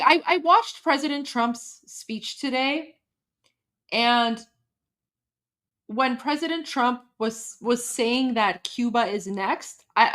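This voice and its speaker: A woman from Iran chatting on a casual livestream, emotional and halting, with many restarts and repetitions. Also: high voice, a bit bright. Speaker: livestream host.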